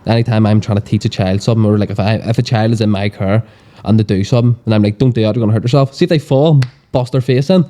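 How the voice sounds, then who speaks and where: Belfast man, guest on a chatty podcast; mellow, darkish tone, salty tongue, acts out the quotes. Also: fairly low pitch, fast talker. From Northern Ireland. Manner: animated storyteller, swears freely, acts out quotes. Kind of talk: casual chat.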